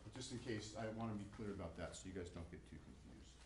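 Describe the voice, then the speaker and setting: A man's voice: sits low, fast. Man, professor, casual classroom lecture, lots of fillers, echoey room, faint background hum. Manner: casual, many fillers and restarts. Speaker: psychology professor.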